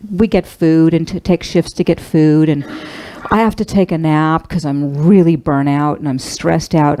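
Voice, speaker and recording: A middle-aged woman minister giving a sermon, telling a personal story in a tender, heartfelt, halting way. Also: fairly low pitch, dark tone, poor audio.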